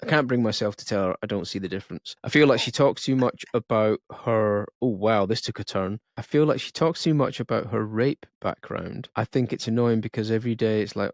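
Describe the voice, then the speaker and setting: A man co-hosting a podcast, reading a listener's confession aloud in a plain, steady way with small stumbles. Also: fairly low pitch, a little fast, few pauses, no room sound, studio quality.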